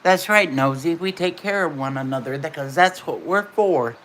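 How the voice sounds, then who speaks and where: A woman's voice: low voice, lively intonation, moderate pace, fairly bright tone. An older woman hosting a casual livestream from home, chatting and answering her viewers' comments by name. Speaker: livestream host.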